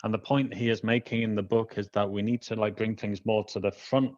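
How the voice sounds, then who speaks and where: A man's voice: fairly low pitch, steady tone, brisk, darkish tone, dry recording. A man hosting a casual conversation, rambling with many fillers over dull video-call audio. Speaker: host.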